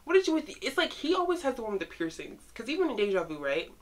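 A young woman chatting casually as she reacts to photos, excitable and teasing, talking straight to the pictures. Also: fairly high pitch, fast talker. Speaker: fan vlogger reacting to photos.

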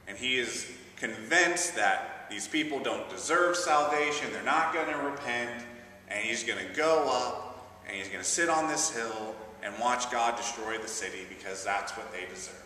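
A man's voice: mid-range voice, expressive, normal speed, sharp tone, slight background noise. A man, an assistant pastor, giving a sermon and telling a story in a chatty, humorous way. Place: large church. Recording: echoey church from a distant mic.

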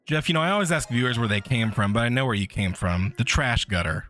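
A man streaming a video game live, swearing and ranting at the game and his chat, his voice jumping high when frustrated. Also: lively intonation, fast, a bit bright. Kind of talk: live gameplay commentary.

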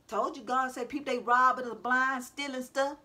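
High bright-voiced woman preaching to viewers. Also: steady tone, moderate pace. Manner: preachy, repetitive, calls out to her audience. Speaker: self-styled prophetic speaker. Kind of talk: informal religious exhortation to viewers. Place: at home.

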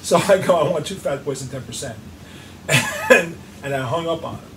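A man telling an animated, profane story in an interview, acting out both sides of phone calls. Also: on the high side, normal speed. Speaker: guest musician. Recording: roomy echo, distant mic, clear background noise.

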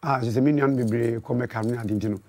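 A Ghanaian man with a Ghanaian accent, a musician guest chatting casually in an interview and telling his story softly. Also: medium pitch, steady tone, very fast.

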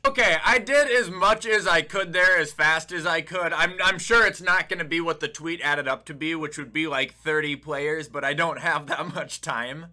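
A young man giving casual, excitable commentary over a football video game, swearing and yelling at the plays as he goes. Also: a little high. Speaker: gaming YouTuber.

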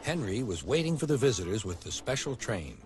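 A man narrating a children's storybook in an expressive way, with music behind. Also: lowish voice, a little fast. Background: background music.

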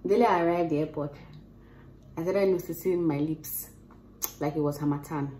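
A woman's voice: deep voice, fairly even intonation, normal speed, dark tone, slight background noise. A woman, chatting casually and laughing often in a vlog recorded on her phone. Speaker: vlogger. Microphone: phone held while vlogging.

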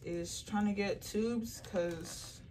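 A woman's voice: medium pitch, takes it slowly, distant mic, a little hiss or hum. Chatty young woman vlogging while packing. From Nigerian heritage. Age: young adult. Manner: chatty, animated storytelling with lots of "like". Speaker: small business owner vlogger. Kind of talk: casual vlog chat while packing orders. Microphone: phone camera.

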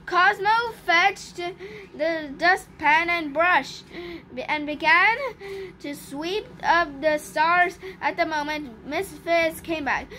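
A woman's voice: very high voice, slow pace, pushed and bright. A woman reading a children's storybook aloud, with small slips and restarts. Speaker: storybook reader.

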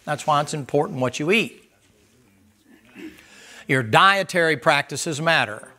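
A male preacher delivers a sermon with folksy, animated energy, acting out little dialogues as he goes. His voice sits a little high for a man. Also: measured pace.

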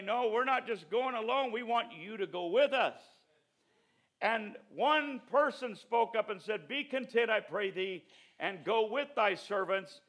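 High, bright, fervent male preacher. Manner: fervent, building to shouts. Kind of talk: graduation sermon.

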